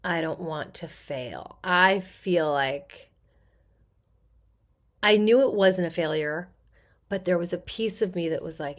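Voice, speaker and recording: A woman's voice: lowish voice, takes it slowly, long pauses. A middle-aged woman who works as an actor and therapist, talking casually as a podcast guest and acting out voices in her stories. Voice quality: character-actor voice. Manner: animated, acts out quoted voices in her stories. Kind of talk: casual interview talk.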